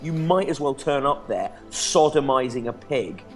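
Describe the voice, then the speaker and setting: A man's voice: medium pitch, lively intonation, normal speed, loud music behind the voice. A man co-hosting a casual political chat, joking and loose, with plenty of fillers. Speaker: podcast co-host. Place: Amsterdam studio or home setup.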